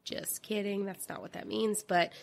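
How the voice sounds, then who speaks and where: A woman co-hosting a casual podcast, playful, laughing and trailing off softly. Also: mid-range voice, steady tone, moderate pace, creaky. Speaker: podcast co-host.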